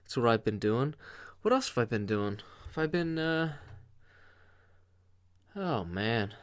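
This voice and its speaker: A man hosting a podcast, ranting alone in a loose and casual way. He swears constantly and sounds exasperated. His voice sits at a middling pitch. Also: lively intonation, slow pace. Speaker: podcast host.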